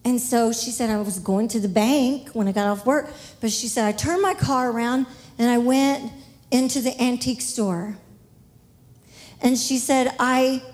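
A woman preaching and telling a story, animated and laughing often. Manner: animated, laughing often, rising high when excited. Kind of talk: sermon storytelling.

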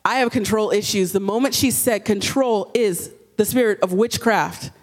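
A woman in her thirties giving a personal faith testimony at a women's gathering, candid and animated, with self-mocking humor. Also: medium pitch, moderate pace.

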